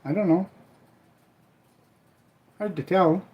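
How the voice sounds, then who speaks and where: A man's voice: high voice, slow, muffled recording. An older man from Minnesota hosting a live stream, chatting casually in a rambling, folksy way while he cooks. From Minnesota, USA. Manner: rambling, folksy, trailing off with "I don't know"; cooking while he talks. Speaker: livestream host.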